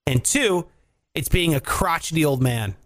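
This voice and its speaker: A man co-hosting a casual chat show, talking in an animated, profane, mocking way. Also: fairly high pitch, unhurried. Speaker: podcast co-host.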